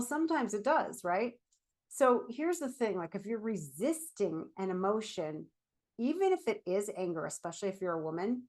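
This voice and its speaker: A middle-aged woman therapist giving a casual, animated talk while standing up. She fills her speech with "like" and "right?". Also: mid-range voice. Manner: chatty, animated, with frequent "like" and "right?"; speaking while standing and moving about. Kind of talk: casual explanatory vlog talk.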